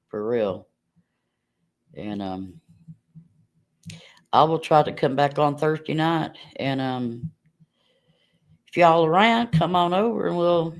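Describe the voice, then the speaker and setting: A middle-aged woman chatting casually with viewers on a livestream, telling stories and laughing often. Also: very deep voice.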